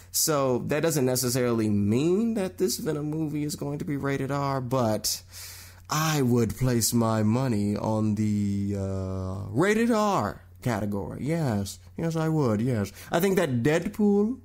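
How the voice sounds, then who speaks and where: A young man hosting a solo radio talk show, giving lively commentary on movie news and slipping into quick impressions of other people. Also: mid-range voice. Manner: animated, mimics people in quick put-on voices.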